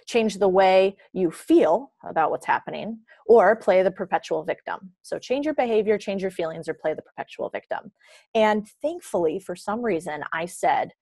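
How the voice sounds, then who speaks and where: A young woman telling an animated story in a podcast interview, acting out the people she quotes. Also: mid-range voice, husky, dry recording. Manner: animated, acts out quoted dialogue. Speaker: guest.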